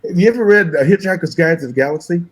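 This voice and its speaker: Husky older man telling lively stories. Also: high voice, poor audio. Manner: fast-talking, animated, laughs often, acts out voices in anecdotes. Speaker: musician guest telling a story. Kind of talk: casual storytelling interview.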